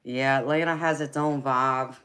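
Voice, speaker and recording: A woman with a Southern US twang, softly chatting with her livestream viewers and calling them honey and baby. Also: extremely low pitch, steady tone, normal speed, smooth. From California. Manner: soft-spoken, affectionate, calls viewers honey and baby. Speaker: livestream host and tarot reader. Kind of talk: casual live chat with viewers.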